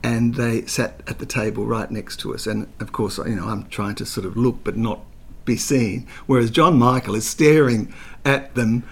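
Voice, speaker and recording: A man's voice: medium pitch, fairly even intonation, moderate pace, husky. An older man, talking as an interview guest, telling chatty anecdotes full of fillers. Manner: chatty storyteller, hesitant with fillers, slips into voices.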